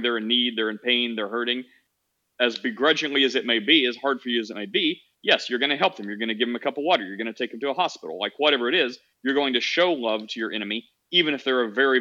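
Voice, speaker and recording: A man's voice: mid-range voice, sharp tone, lo-fi sound. A man hosting a casual call-in podcast, talking in a rambling way with many fillers and restarts. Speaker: podcast host.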